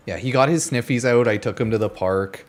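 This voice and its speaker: A man streaming a game, chatting casually in an animated, ranting way with frequent exclamations. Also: mid-range voice. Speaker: gaming streamer. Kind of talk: casual chat.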